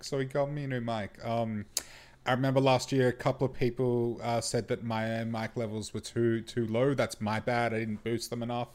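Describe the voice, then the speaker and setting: Halting, chatty male podcast host. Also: medium pitch, flat delivery. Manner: halting, many restarts and fillers. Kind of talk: casual chat.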